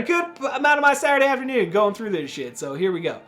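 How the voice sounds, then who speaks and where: A man's voice: high-pitched, sing-song, fast, fairly bright tone, faint music behind. A young man recapping a horror movie in a laid-back, slangy way, swearing often and saying dude a lot. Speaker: movie review host. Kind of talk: casual film recap.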